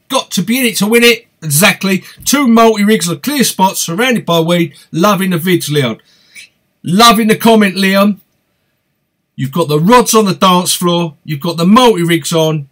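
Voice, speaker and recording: A fishing channel host with an East London accent runs a live Q&A stream, upbeat and chatty, reading viewer comments aloud and greeting people by name. His voice is high and a bit bright.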